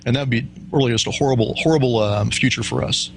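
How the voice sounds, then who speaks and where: A man speaking as a guest in a talk radio interview, earnest and steady, making preacher-like appeals. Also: medium pitch, fast talker, gravelly, slight background noise.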